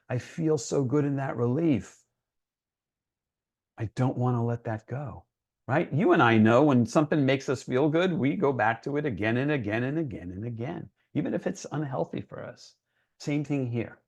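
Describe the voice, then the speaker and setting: A man giving an educational talk for parents in an earnest, reassuring, conversational way. He often checks in with his listeners by asking "right?". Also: medium pitch. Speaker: presenter for parents. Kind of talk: educational presentation.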